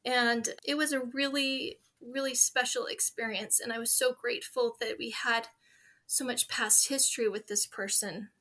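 A woman in her forties talks as an interview guest, sharing stories earnestly and from the heart. Her voice is bright and clear, and it sits a little above the usual pitch for a woman. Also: steady tone, moderate pace. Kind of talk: interview conversation.

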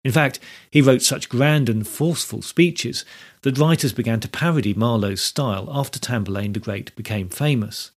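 A man hosting a history podcast, giving a measured, scripted talk that explains things step by step. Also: medium pitch. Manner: measured, explanatory, reads quotes aloud. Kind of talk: scripted educational narration.

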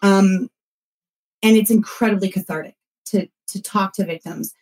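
A woman in her thirties who hosts a podcast, talking casually in an animated way and acting out what others said. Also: mid-range voice, normal speed, soft background music, rough recording. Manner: animated storytelling, acts out quotes, frequent fillers. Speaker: podcast host and former consultant. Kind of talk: casual conversational interview.

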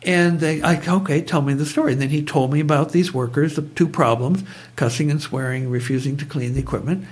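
A man's voice: a little high, fairly quick, few pauses, slightly rough. A man guest telling stories in conversation, digressive and prone to tangents. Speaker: guest, brainwave trainer. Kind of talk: conversational storytelling.

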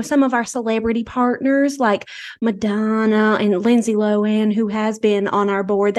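A woman's voice: a little high, a little mellow, close to an everyday voice. A woman playing a rambling, mock-earnest researcher. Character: eccentric woman researcher, founder of a bogus institute. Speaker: podcast guest. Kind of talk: improvised comedy character.

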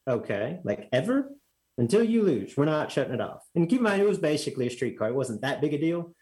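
A man's voice: a little high, expressive, fast talker, darkish tone, poor audio. A man from Texas, telling a rambling story as a guest in a casual chat, full of fillers and restarts.

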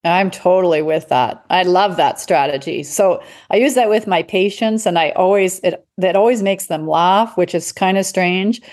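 A woman talks in a relaxed, conversational way about her work as a physician. She tells lively stories, acts out what people said and laughs easily. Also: on the low side, moderate pace, few pauses. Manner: animated storyteller, acts out quotes, laughs often. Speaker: physician guest. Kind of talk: casual conversation.

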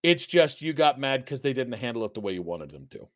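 A man's voice: medium pitch, very animated, a little fast. A man co-hosting a sports podcast, blunt and sarcastic, swearing freely in casual debate.

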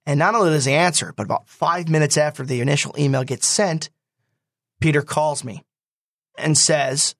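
Young guy telling a story, slightly high voice, quotes people as he goes, dry sound. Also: gravelly, dry recording. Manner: animated, quotes people in quick asides. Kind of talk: casual storytelling.

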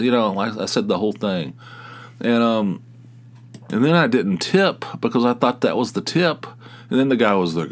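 Hosting his own casual podcast, this man in his forties from southern West Virginia, US rambles along, restarting sentences and sighing. He sounds on the low side, expressive, and fairly quick.

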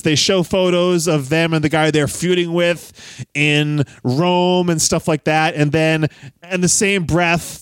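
Male podcast host, high voice, dry close sound, chatty, laughs easily. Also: clean tone, no echo. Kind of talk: casual wrestling podcast chat.

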